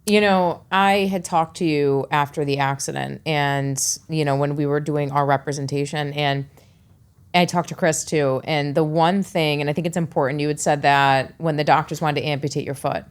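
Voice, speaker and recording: Low-voiced woman podcast host. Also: fairly even intonation, normal speed, smooth. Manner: chatty, encouraging, casually blunt. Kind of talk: casual interview chat.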